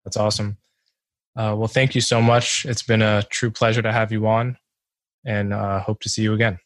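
A man's voice: fairly low pitch, level tone, normal speed, no room sound. A young man hosting a podcast interview, casual and friendly with a few fillers. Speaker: podcast host.

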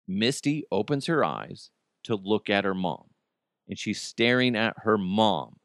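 A podcast host tells a story casually and conversationally, with fillers and restarts. His voice is medium-pitched and a bit bright, recorded dry with studio quality.

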